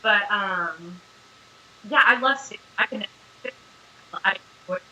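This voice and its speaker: A young woman being interviewed as an actress, chatting casually and telling animated stories full of fillers. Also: medium pitch, slow, rough recording.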